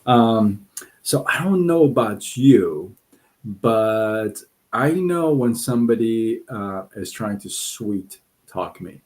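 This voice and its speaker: A man hosting a live stream, talking in an unhurried, relaxed way. He chats with his viewers and tells a fable with plenty of fillers and restarts. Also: mid-range voice. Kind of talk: casual live-stream storytelling.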